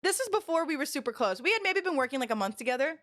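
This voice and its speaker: High-voiced, animated young woman streamer. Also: rapid-fire. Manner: animated and rambling, full of "like" fillers; loud and expressive. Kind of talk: casual storytelling to a live chat.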